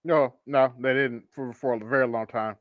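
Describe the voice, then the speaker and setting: A man's voice: medium pitch, steady tone, normal speed, dry recording. A male host offers laid-back commentary with sarcastic asides. His audio is dry and dull, with a lo-fi feel. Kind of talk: casual commentary.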